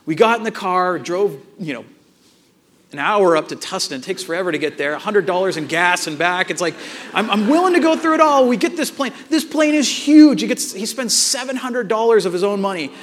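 A man preaching a sermon, telling a family story in an animated way and acting out the dialogue, with frequent restarts. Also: sits high, brisk. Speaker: pastor.

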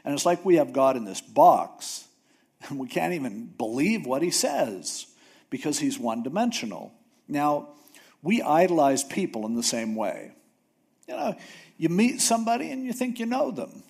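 A male preacher giving a relaxed, conversational sermon. His voice sits a little high and moves around a lot. He often slips into acting out the figures he talks about. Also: normal speed, vocal fry, slightly rough. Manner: conversational, acts out Bible figures. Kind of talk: casual sermon.

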